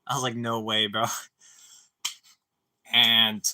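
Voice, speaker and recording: A man's voice: mid-range voice, little pitch movement, slow, bright, forceful tone, clear, resonant tone. A young man telling a long story on a live stream, rambling and swearing, with stammering restarts and constant "dude" and "bro.".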